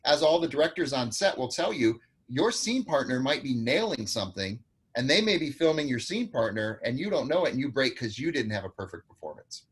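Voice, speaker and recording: A man's voice: mid-range voice, very animated, brisk, husky. Man coaching an acting class on a video call. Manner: direct, encouraging, gives practical coaching tips. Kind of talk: online acting class feedback.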